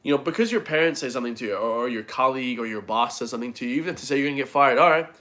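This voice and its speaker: A fitness vlogger with a medium-pitched, sharp voice fires off a casual motivational rant to his viewers at a rapid clip. He's blunt, swears freely, and constantly drops "guys" and "bro."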